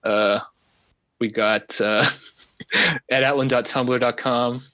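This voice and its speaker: Aussie guy rambling on a podcast, lots of likes and uhs, bright voice. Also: medium pitch, steady tone, slow, a little hiss or hum, poor audio. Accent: Australian. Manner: rambling, many fillers. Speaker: guest animator. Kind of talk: casual chat.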